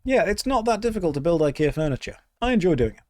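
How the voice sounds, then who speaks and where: Male streamer, sarcastic banter, slightly high voice, dry close mic. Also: very animated, quick pace, darkish tone, no room sound. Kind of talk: casual gameplay stream chat.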